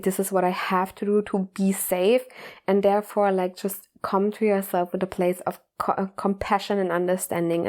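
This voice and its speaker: An earnest mindfulness coach gives a casual motivational talk in a medium-pitched, slightly mellow voice. Her speech is heavy with fillers, she repeats "like" and "you know" constantly, and she laughs often.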